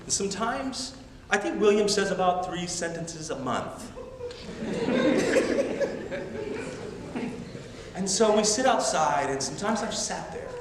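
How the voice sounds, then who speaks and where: Animated preacher in an echoey hall. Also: male voice, high voice, takes it slowly, pauses often, far from the mic, background noise. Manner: animated, emphatic, self-deprecating humor. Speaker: missionary preacher. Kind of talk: sermon. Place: large church sanctuary. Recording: echoey church hall from afar.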